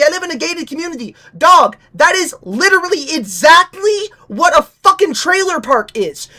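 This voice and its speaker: A woman's voice: high voice, sharp tone. A young woman from Nevada streaming casually, ranting and mocking with lots of swearing.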